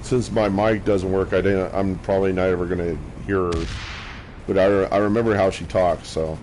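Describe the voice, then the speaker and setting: A man's voice: low-pitched, fairly even intonation, a little mellow, slight background noise, rough recording. A man talking casually over his gameplay, rambling and self-mocking, often stopping to restart his sentences. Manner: halting, many restarts. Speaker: gamer.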